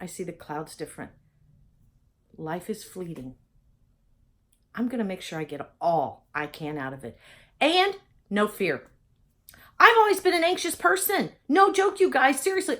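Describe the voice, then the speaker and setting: A woman's voice: on the high side, a bit bright. An older woman giving a motivational vlog talk, exuberant and preachy, laughing often as she speaks. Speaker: inspirational vlogger.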